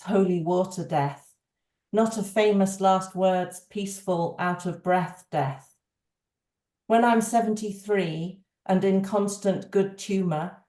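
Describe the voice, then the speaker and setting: A woman reads at a slow, deliberate pace, her voice low and mellow. The sound is echoey, as if from a bare room over a video call. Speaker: panelist reading a poem. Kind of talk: poetry reading on a video call.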